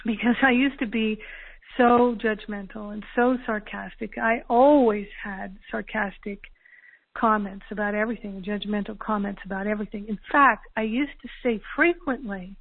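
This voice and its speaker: A woman telling personal stories calmly and earnestly, acting out the dialogue as she goes. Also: a little high, normal speed. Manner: calm, earnest, acts out quoted dialogue. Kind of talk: reflective personal storytelling. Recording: narrow phone-like audio.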